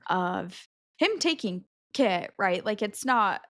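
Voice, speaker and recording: A woman hosting a podcast, leading a casual book discussion in an animated, chatty way with many filler words. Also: mid-range voice, slow pace, dry recording, clean studio sound. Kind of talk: casual chat.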